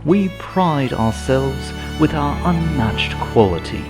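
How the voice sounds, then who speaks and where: A man putting on a British accent to voice a refined advert announcer with a lilting sales pitch. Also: lively intonation, slow. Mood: genteel. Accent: put-on British. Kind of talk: mock radio advert. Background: music.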